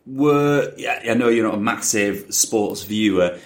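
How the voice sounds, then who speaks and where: A man's voice: fairly low pitch, measured pace. A man co-hosting a podcast, asking questions in casual chat. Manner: upbeat, asks questions. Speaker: podcast co-host.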